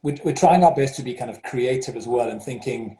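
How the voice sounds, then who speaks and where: This man is a headmaster from South Africa, speaking with the local accent in a video-call interview. He talks a little fast with a medium-pitched, dark voice, hesitating often with fillers and restarts, and the recording carries roomy echo.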